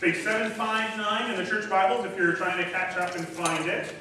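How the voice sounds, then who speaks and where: A man delivers a sermon from the front of a church, explaining scripture in an easy, conversational teaching manner. His voice sits high and bright. The sound carries a heavy echo from the hall, picked up from some distance. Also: steady tone, moderate pace, a little hiss or hum. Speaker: pastor. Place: church sanctuary. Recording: echoey hall, distant mic.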